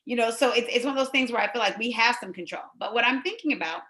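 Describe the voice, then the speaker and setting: A woman's voice: fairly high pitch, fast, sharp tone. A middle-aged woman co-hosting a conversation, speaking in an engaged, affirming way. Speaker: co-host. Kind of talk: conversational talk.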